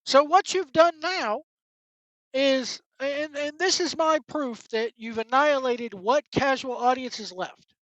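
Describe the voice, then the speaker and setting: A woman with a high voice talks straight at the listener in an exasperated, profane solo rant. The sound is dry and dull, with a lo-fi edge. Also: measured pace, a bit bright, no echo. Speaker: wrestling commentary host.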